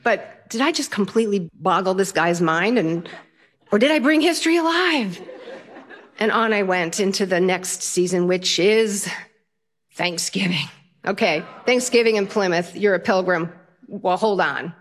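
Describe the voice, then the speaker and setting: An older woman telling a personal story in an animated way, often laughing as she talks. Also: fairly low pitch, a little slow.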